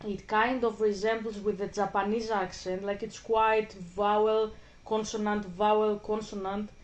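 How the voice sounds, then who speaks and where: A woman's voice: medium pitch, flat delivery, a little slow, poor audio. Frank, rambling woman. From Greece. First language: Greek. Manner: rambling, frank, swears casually. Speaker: gaming vlogger. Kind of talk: casual chat while playing a video game.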